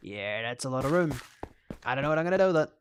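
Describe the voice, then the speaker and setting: A man's voice: medium pitch, expressive, very fast, slight background noise. An Australian man casually rambling and thinking aloud while streaming a video game. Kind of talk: casual gameplay commentary.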